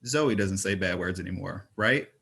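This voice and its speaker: A man's voice: low voice, moderate pace, vocal fry, a bit bright, husky, heavily acted. A man reading aloud voices a playful twenty-year-old father who acts mock-stern with his children.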